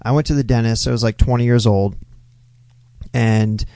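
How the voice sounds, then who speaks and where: A man's voice: medium pitch, steady tone, normal speed, warm tone, no room sound. A man co-hosting a casual podcast, telling stories in a laid-back way and swearing often, close to the mic. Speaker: podcast co-host. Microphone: close studio mic.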